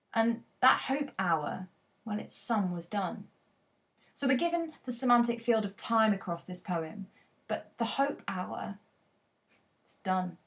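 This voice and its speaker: A woman teacher giving a poetry analysis lesson, talking expressively and reading quoted lines aloud with dramatic emphasis. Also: medium pitch.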